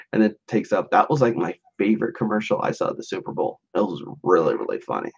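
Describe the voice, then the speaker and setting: Man, low voice, casual solo podcast, rambling with fillers, dull lo-fi sound. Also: a little fast, gravelly, slightly rough. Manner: rambling, lots of "like" and restarts, chuckles often. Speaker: podcast host.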